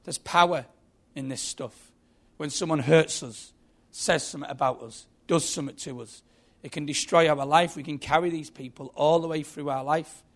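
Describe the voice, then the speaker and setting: A man's voice: a little high, fairly even intonation, normal speed, hardly any pauses, a bit bright. A man preaching a sermon, earnest and emphatic, telling a story.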